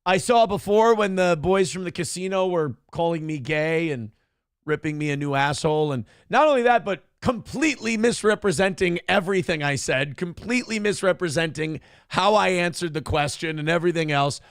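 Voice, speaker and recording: A man hosting a casual commentary show, talking in a rambling, animated way full of swearing. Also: sits high, normal speed, clean tone, no room sound, studio quality. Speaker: show host.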